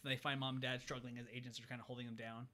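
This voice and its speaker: A man's voice: medium pitch, racing. A man chatting casually as a podcast host, recapping a movie and acting out the characters' lines. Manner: animated, acts out characters' lines. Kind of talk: casual chat.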